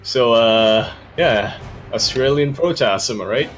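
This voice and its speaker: A man's voice: mid-range voice, expressive, takes it slowly, a bit bright, rough recording. Guy casting a game live, jokey, voice all over the place, bit of music under it. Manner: playful, jokey banter. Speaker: esports caster. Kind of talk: casual live game commentary.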